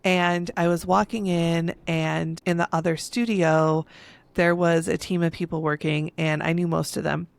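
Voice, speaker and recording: A young woman co-hosts a podcast in a low, gravelly voice, talking candidly and with plenty of expression. She swears freely and acts out what other people said. The sound is dry and close. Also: little pitch movement, measured pace, no echo. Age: young adult. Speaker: podcast co-host. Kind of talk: casual conversation.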